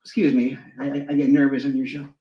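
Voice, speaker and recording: A man's voice: little pitch movement, quick pace. A man telling stories as a guest, often breaking into mimicking voices. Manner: swings into high mimicking voices. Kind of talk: animated storytelling with impressions. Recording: echoey, dull lo-fi sound.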